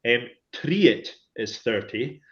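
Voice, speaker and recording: A man leads a calm one-to-one language lesson, voice at an ordinary middle pitch. He is patient and encouraging as he drills words with his learner. The sound is dull and lo-fi. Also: slow pace. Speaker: Gaelic language teacher.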